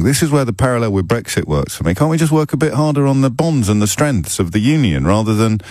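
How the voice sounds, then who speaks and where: A man's voice: mid-range voice, big pitch swings, fast, hardly any pauses, a little mellow, dry recording, studio quality. A man hosting a radio phone-in show, speaking thoughtfully with frequent stammered restarts. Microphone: studio microphone.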